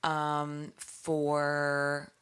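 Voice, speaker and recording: A young woman, a musician guest on a podcast interview, telling animated stories and acting out quotes. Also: low-pitched, drawn-out words, clear, resonant tone. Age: young adult. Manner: animated storytelling, acts out quotes.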